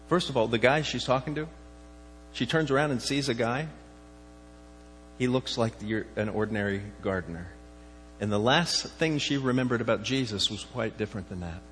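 A man preaching in a conversational tone, asking his congregation questions as he goes. His voice carries a long reverb from a large hall. A faint mains hum sits underneath. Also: on the low side. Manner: conversational, asks the listeners questions. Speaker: pastor. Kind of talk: sermon.

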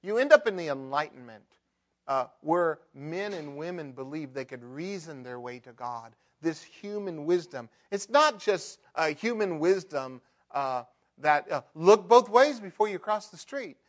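Middle-aged male pastor mid-sermon, slightly high pitch, shifts between soft intimacy and forceful emphasis. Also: animated, unhurried. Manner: emphatic, swings between loud mock outbursts and hushed prayer. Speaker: preacher.

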